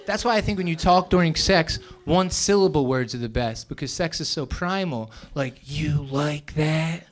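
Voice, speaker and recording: A young man doing a stand-up set on a club stage, telling stories in a quick, conversational way. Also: a little high. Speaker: stand-up comedian. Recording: live club recording with audience noise.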